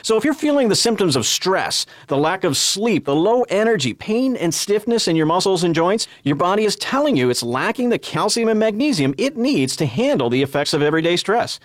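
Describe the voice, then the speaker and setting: A man hosting a radio infomercial as an upbeat salesman who reads out the phone number slowly and repeatedly. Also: high-pitched, big pitch swings, no echo, studio quality. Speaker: radio host.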